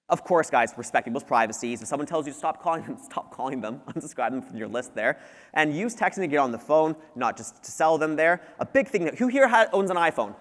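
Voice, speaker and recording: Casting: young Canadian man, salesy conference presenter, brisk and a bit high, echoey hall. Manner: energetic, salesy, addresses audience as guys. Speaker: lawn care business presenter.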